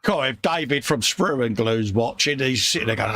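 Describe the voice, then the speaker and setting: Chatty man with a gravelly voice. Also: medium pitch, animated, normal speed, fairly bright tone. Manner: chatty, matey, reads out viewer messages. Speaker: livestream host reading chat. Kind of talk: casual livestream chat.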